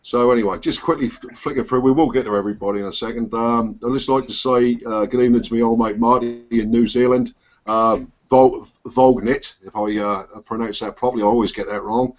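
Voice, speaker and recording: A man's voice: medium pitch, fairly even intonation, a little fast. A man with a Suffolk accent hosting a casual biker hangout over a video call, chatty and rambling, with lots of fillers and restarts. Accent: English, Suffolk. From England. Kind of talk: casual chat. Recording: dull lo-fi video call audio.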